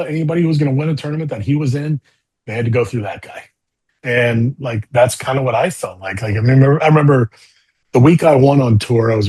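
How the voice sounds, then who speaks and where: A man in an interview telling animated stories about his golf career, with lots of fillers. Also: medium pitch, breathy edge. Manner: animated storytelling with many fillers. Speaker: golfer guest. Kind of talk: storytelling interview talk.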